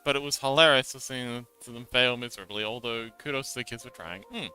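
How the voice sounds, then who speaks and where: A man's voice: mid-range voice, quick pace, bright, forceful tone, clear, resonant tone. A man chatting playfully on a livestream while drawing, reading viewer messages aloud and answering them, with faint music behind. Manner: reads chat aloud and chats back, playful. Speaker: streamer drawing fanart. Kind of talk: casual livestream chat.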